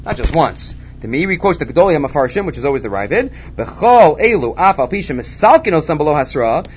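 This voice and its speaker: A man teaching a Talmud lesson, animated and repeating his key points. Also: a little high. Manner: animated, repeats key points, mixes Hebrew and Aramaic terms. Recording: dull lo-fi recording with faint background noise.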